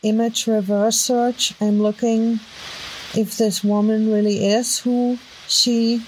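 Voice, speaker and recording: A woman with a heavy German accent, hosting a podcast and thinking aloud in casual commentary as she reads web posts, halting with fillers and restarts. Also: fairly high pitch, flat delivery, darkish tone, slight background noise, poor audio. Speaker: podcast host. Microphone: home microphone.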